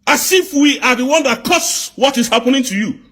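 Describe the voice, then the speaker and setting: A man from southeast Nigeria, delivering an angry political rant full of repeated rhetorical questions and bursts of shouting. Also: very high voice, animated, brisk.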